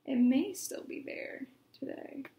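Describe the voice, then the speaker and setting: A woman reading a children's storybook aloud in a gentle, measured way. Her voice is high with a gravelly fry, and the room gives it a noticeable echo. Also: slight background noise. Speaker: storytime reader. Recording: echoey room.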